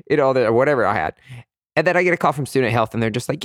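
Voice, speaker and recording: Animated, flamboyant man. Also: very fast, no echo, clean studio sound. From East Tennessee, USA. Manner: animated, flamboyant, jumps into high falsetto for quotes. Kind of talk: personal storytelling.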